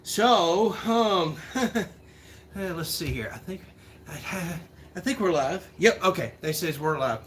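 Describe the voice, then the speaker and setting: A man hosting a casual livestream Q&A, chatty and rambling and quick to laugh, recorded on a phone camera. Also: high-pitched, expressive, a bit bright, a little hiss or hum. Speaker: livestream host.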